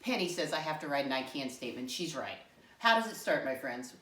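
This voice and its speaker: A woman's voice: sits low, expressive, fairly quick, a bit bright. A woman teaching young children, asking patient, sing-song questions. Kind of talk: classroom lesson for young children. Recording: echoey room, mic far off.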